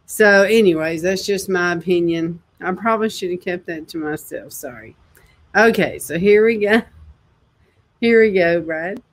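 A woman's voice: on the low side, normal speed. A woman hosting an online news commentary show, talking casually to her camera with chuckling, mocking asides. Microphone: speaking to a video camera.

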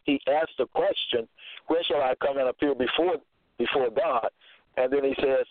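A man preaching scripture in a slow, deliberate way, repeating phrases and checking in with "okay?". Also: medium pitch, dry recording. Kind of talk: scripture teaching monologue. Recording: tinny phone-line sound, dry.

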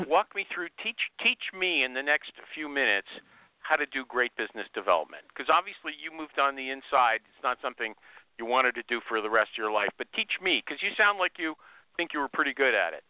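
A man's voice: medium pitch, sing-song, a little fast, dry recording. Pushy male host on a phone line. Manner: pushy, teasing questioner. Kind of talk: casual phone interview.

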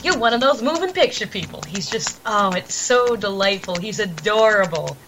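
A woman's voice: medium pitch, animated, normal speed, background noise. A woman chatting as a guest on a podcast, enthusiastic and giggly, acting out quotes as she goes. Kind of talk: casual podcast chat.

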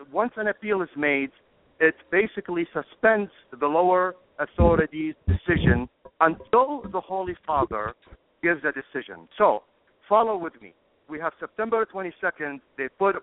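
A man speaking as a guest on a call-in radio discussion, impassioned and emphatic, stopping to apologize for getting emotional. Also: on the high side. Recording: tinny phone line.

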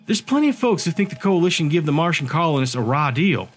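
A man voicing a sharp-tongued young woman bartender and hacker, talking bluntly and casually in an audiobook. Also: a little high, sing-song, fast talker, soft background music, pitched above the performer's own voice. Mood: matter-of-fact.

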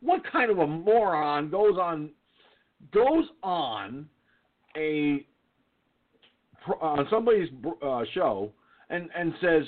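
A man's voice: a little high, big pitch swings, slow pace, long pauses. Profane ranting male radio host. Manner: profane, blustering, repetitive. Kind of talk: ranting call-in talk show. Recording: thin phone-like line.

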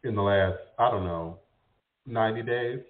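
A man's voice: lowish voice, moderate pace. Rambling man on a tinny, echoey line. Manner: rambling, repeats words while searching. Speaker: host. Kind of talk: casual spiritual talk. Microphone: internet radio call. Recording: tinny phone-like audio in an echoey room.

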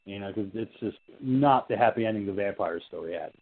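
Male podcast co-host, slightly husky, rowdy and sarcastic as he picks apart a horror movie, lo-fi tinny sound. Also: fairly low pitch, a little fast. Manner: animated, swearing, mocking characters in silly voices. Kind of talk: casual film discussion. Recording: tinny phone-like audio.

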